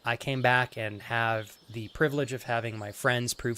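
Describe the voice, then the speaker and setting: A live streamer talking to his chat, holding back tears, halting and earnest, swearing as he goes. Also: mid-range voice, steady tone, sharp tone, slight background noise. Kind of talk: emotional talk to stream chat.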